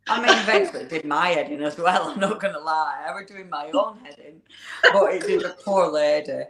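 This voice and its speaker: Woman, lively presenter, bursts of exclamation, echoey room. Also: fairly low pitch, a little fast, a crowd in the background. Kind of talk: casual chat. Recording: roomy echo.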